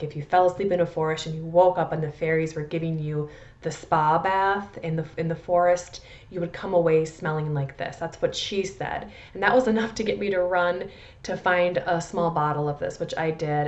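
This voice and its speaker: A woman's voice: lowish voice, highs cut off. An American woman from the Midwest with a Midwestern accent, chatting casually and rambling a little as she reviews perfumes. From Midwest USA. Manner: chatty, rambling, self-deprecating, frequent restarts. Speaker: perfume vlogger.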